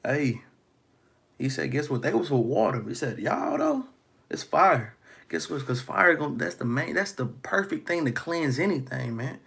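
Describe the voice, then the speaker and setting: Gravelly, husky preaching man. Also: medium pitch, expressive, normal speed, hardly any pauses, a bit bright. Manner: preaching with frequent "man" and "guess what". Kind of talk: street-style scripture teaching.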